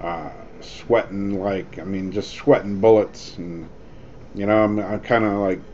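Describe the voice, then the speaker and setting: Male vlogger, lower voice, chatty storyteller who acts out dialogue; muffled recording. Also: unhurried. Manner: rambling, animated, acts out quoted lines. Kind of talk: casual storytelling. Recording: dull lo-fi sound with faint noise.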